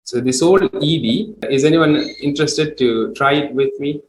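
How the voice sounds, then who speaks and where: A man from Sri Lanka teaching an English grammar lesson to a class, explaining slowly and patiently with repeated examples. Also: on the high side, a little hiss or hum. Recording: echoey room.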